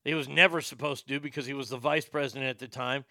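A man's voice: medium pitch, fairly even intonation, fast talker, sharp tone, no echo. An older man giving heated, profane and sarcastic political commentary.

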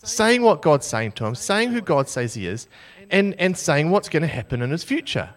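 A young man from New Zealand preaching a sermon as a lively, self-mocking story. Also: on the high side, normal speed.

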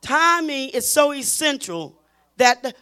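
A woman teaching a Bible study in an emphatic preaching style, repeating phrases and pushing her voice toward a shout. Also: high voice, expressive, unhurried.

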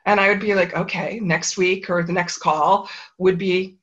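A woman's voice: fairly low pitch, fairly even intonation, normal speed, a bit bright, muffled recording. A middle-aged woman, an author and interview guest, telling a personal story in a reflective, earnest way. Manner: reflective, earnest, with brief quoted voices.

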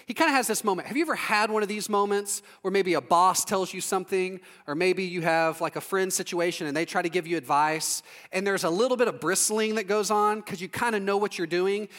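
A man preaching a storytelling sermon in a relaxed, humorous way, acting out little scenes as he goes. His voice sits fairly high for a man. A long reverb trails his words, as in a big sanctuary. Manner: conversational and humorous, with lively acted-out asides.

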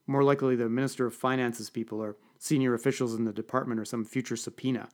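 A man voicing a sharp, condescending female diplomat who speaks in a cool, clipped way. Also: medium pitch, steady tone, fast, natural voice.

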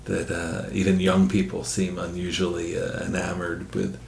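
Gravelly low-voiced man, echoey room. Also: completely flat delivery, a little mellow. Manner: reflective, halting, laughs along. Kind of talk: casual conversation. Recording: echoey room with faint noise.

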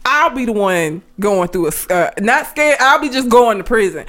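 A woman chatting casually, telling a story in an animated, profane way and laughing often. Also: a little high, moderate pace, few pauses. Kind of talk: casual chat.

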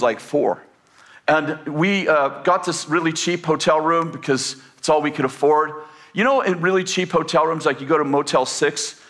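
An older male preacher with a somewhat high-pitched voice tells a homely story, full of "uh"s and false starts. He then lifts into firm, emphatic declarations from the pulpit. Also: a bit bright. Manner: folksy, rambling storyteller with many fillers and restarts. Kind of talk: sermon with personal storytelling.

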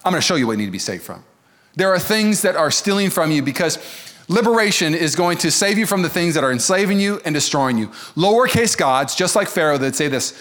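Fast-talking pastor preaching. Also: male voice, a little high. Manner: energetic, joking, conversational preaching. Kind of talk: sermon. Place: church service before a congregation.

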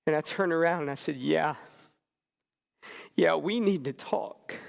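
A male pastor preaching a sermon, telling a story quickly and then slowing down to press his points home. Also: on the high side, big-room sound. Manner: storytelling, shifts between quick narration and slow emphatic preaching.

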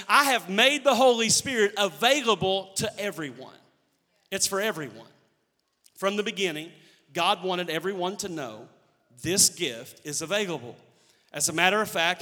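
High bright-voiced preacher, reverberant hall. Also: male voice, animated, normal speed. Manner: emphatic preaching, repeating key phrases. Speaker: pastor. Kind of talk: sermon. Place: church sanctuary.

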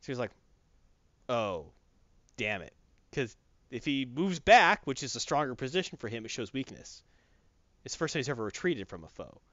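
Guy recapping a story, lively up-and-down voice, kinda dull lo-fi sound. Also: medium pitch, dry recording. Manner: animated, acts out characters' lines in quick voices. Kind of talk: casual retelling with acted quotes. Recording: dull lo-fi dry recording.

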